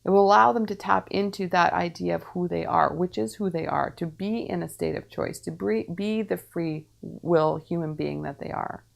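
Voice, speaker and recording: A woman speaks as a medium, delivering a channeled spiritual teaching in a measured way and repeating phrases between calm pauses. Her voice is fairly low with vocal fry.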